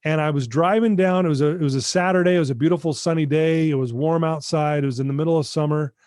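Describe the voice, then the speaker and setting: Middle-aged guy on a video call, earnest heartfelt storytelling, kinda higher voice, dry sound. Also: fairly even intonation, fast talker, a little mellow, dry recording. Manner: earnest, heartfelt, addresses the host directly. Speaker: guest, addiction recovery mentor. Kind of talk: personal storytelling in a podcast interview.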